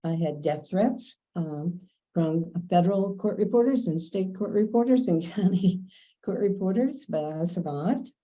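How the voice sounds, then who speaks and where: A woman's voice: fairly low pitch, lively intonation, unhurried, mellow, poor audio. An older woman from Kentucky, telling chatty stories from her working life and acting out the dialogue in them. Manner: chatty, anecdotal, quotes others in dialogue. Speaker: interviewee. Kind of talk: casual storytelling.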